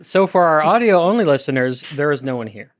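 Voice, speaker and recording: A man's voice: a little high, expressive, a little fast. A man co-hosting a comedy podcast, telling stories in casual chat and acting out quotes. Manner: chatty storyteller, acts out quotes. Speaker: podcast co-host.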